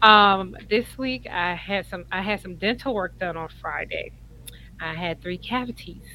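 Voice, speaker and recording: A woman, co-hosting a casual chat and giving earnest, animated advice. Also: medium pitch, measured pace, slight background noise, rough recording. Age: 50s. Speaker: co-host.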